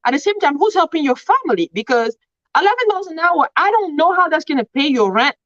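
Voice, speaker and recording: A woman co-hosting a motivational podcast, telling stories in an animated, emphatic way. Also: high voice, fast, no room sound. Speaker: podcast co-host. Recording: dull lo-fi sound.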